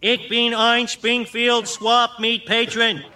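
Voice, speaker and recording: An actor voicing a corrupt, pompous cartoon mayor with a broad Boston drawl. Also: male voice, very high voice, level tone, takes it slowly. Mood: sneering. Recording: clip with crowd and noise.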